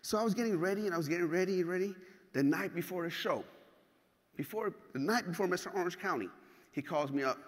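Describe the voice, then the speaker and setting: A man giving a motivational keynote, telling stories in an animated, profane way and acting out scenes. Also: sits high, quick pace. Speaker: keynote speaker. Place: large hall. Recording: hall with long reverb.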